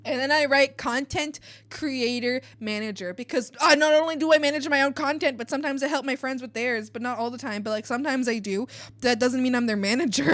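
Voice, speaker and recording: A young woman talks casually to her stream while she draws, giggling often and acting out other people's lines with exaggerated voices. Her voice sits high and sounds bright and crisp. The sound is close and dry. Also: a little fast, no room sound. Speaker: streamer and illustrator.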